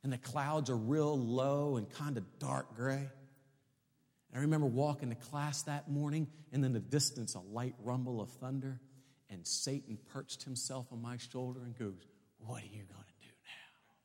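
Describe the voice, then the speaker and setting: A man preaching a sermon as a story, acting out conversations and building to loud shouts. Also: mid-range voice, moderate pace. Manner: animated, acts out dialogue, builds to shouts. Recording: long hall reverb.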